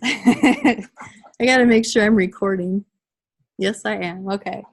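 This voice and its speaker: A woman's voice: medium pitch, unhurried, gravelly, rough recording. Conversational woman leading a workshop. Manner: conversational, addresses the group directly. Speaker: trainer. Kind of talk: live workshop training.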